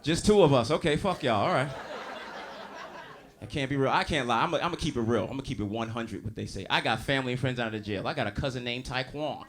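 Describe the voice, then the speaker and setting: A male stand-up comedian in his thirties with a New York accent, doing loud, animated crowd work full of profanity. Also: medium pitch, fast. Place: comedy club stage. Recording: live room with audience. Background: audience laughter.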